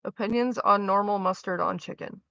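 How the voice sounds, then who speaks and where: Streaming to a live audience, a young woman with a medium-pitched, gravelly voice reads her chat at normal speed, rambling, cursing freely and trailing off mid-sentence. Her tone is bright and forceful with no echo, captured on a slightly dull, lo-fi mic.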